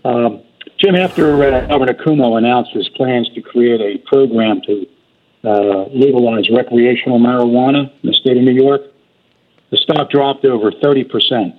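A man's voice: mid-range voice, normal speed. A man calling in to a show, asking a question hesitantly with many fillers. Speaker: caller. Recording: tinny phone line.

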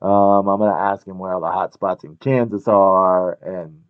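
A man's voice: low voice, fairly even intonation, normal speed, clear, resonant tone, phone-quality sound. A man hosting a podcast in casual chat, playful and easygoing, laughing often. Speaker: podcast host.

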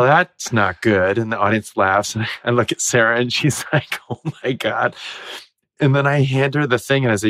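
A man in his forties, a guest on an interview show, telling stories in a lively way and laughing often. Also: medium pitch, no echo. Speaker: guest actor. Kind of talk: casual interview storytelling.

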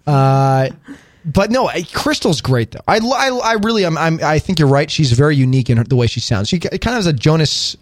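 A man's voice: on the high side, lively intonation, a little fast, no room sound. A man hosting a casual studio talk show, chatty and stammering through restarts. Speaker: host. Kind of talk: casual podcast chat.

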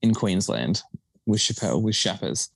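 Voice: sits low, expressive, normal speed, creaky, breathy edge. A co-host chatting casually, with gossipy, giggly banter. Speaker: podcast co-host. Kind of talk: casual chat.

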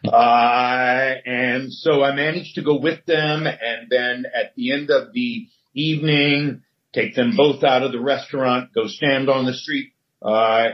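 An older man, a former sports newsman, telling a long anecdote in a relaxed way with many fillers. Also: medium pitch, takes it slowly. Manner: relaxed storyteller, frequent fillers. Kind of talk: anecdotal storytelling. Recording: dull lo-fi recording.

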